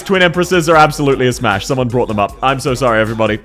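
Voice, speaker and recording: Young male streamer with the hiccups, frank and giggly, mid pitch and very expressive, light music behind. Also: rapid-fire. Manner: chatty and frank, reads and answers chat, laughs often. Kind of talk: casual livestream chat.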